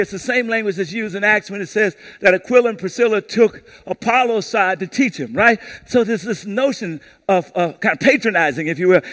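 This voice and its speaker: A male pastor preaching a sermon to a congregation, calling on them to repeat key words back to him. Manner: lively call-and-response preaching, asks the congregation to repeat words; acts out brief quoted voices in a lowered tone. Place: church service before a congregation.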